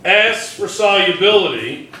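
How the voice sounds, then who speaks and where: A man's voice: high-pitched, expressive, a little slow, bright, forceful tone, roomy sound, slight background noise. A male chemistry teacher lecturing a classroom, firing questions at students and repeating key points.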